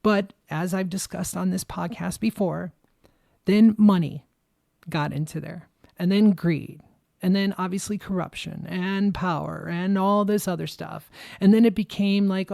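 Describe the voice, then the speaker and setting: A woman's voice: fairly low pitch, a little slow, vocal fry, darkish tone, dry recording, clean studio sound. A woman hosting a podcast, delivering an angry, emphatic political monologue and swearing freely, shaking with anger as she speaks. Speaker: podcast host.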